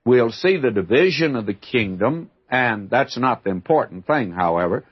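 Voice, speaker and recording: A man's voice: mid-range voice, lively intonation, normal speed, husky. An older man teaching the Bible in a folksy, emphatic way, calling the listener "my friend". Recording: dull lo-fi archival recording.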